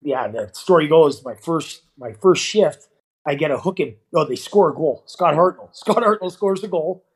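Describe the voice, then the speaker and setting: Animated storytelling former hockey pro. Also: male voice, a little high, moderate pace, low-quality recording. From Canada. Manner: animated, acts out quoted dialogue, frequent "you know". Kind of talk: casual storytelling interview.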